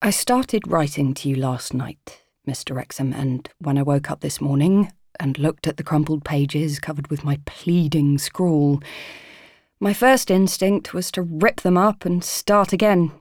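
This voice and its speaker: A woman's voice: low-pitched, measured pace, darkish tone, no room sound, studio quality. A young woman narrating a first-person audiobook, earnest and pleading, emotionally raw.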